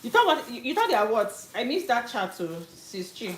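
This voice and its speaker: A woman's voice: a little high, big pitch swings, normal speed, slight background noise. A middle-aged woman chatting casually while cooking live at home, thinking aloud and correcting herself as she goes. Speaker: home cook and live streamer. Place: home kitchen.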